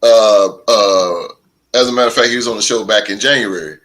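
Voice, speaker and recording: A man hosting a podcast, telling stories in a casual chat with animated delivery and big laughs. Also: fairly low pitch, heavy background noise. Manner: animated storytelling, drawn-out laughs. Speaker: podcast host.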